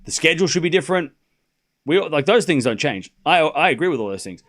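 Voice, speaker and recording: A man hosting a live tennis watchalong, his voice sitting a little high and swinging through a wide, animated range. He calls the score, then drifts into loose, chatty asides full of laughs and casual swearing. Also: fast. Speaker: stream host. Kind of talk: live sports watchalong commentary.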